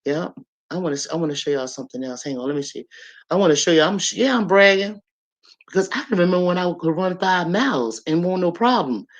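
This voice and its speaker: A woman in her sixties runs a live stream, chatting casually and directly with viewers, full of energy and laughter. She talks fast in a lowish voice.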